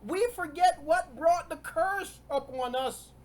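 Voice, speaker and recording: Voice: sits high, takes it slowly. A preacher giving a sermon, stressing points by repeating key words and often chuckling between them.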